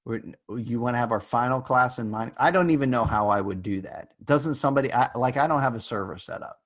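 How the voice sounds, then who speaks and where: A man teaching a university class over a video call, talking loosely with fillers and little jokes. His voice sits at an ordinary middle pitch and he drifts into quick asides. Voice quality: casual, joking, rambling with fillers. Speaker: university lecturer. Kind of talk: online lecture.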